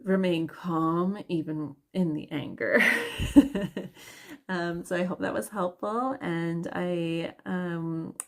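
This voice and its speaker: Young woman, low creaky voice, unhurried candid mom-vlog chat. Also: darkish tone. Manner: chatty, candid, laughs often, many fillers. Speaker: yoga vlogger and mother. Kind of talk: casual confessional vlog talk.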